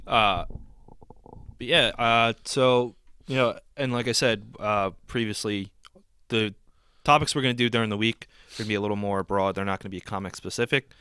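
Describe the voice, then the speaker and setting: A man's voice: fairly low pitch, moderate pace, smooth, no echo. A man co-hosting a podcast, chatting casually with lots of fillers. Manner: relaxed, filler-heavy. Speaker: podcast co-host. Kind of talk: casual chat.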